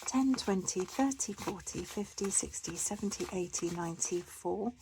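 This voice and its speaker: A woman's voice: mid-range voice, moderate pace, dark tone, slight background noise. A woman chatting casually to camera as a budgeting vlogger, rambling with lots of fillers and restarts.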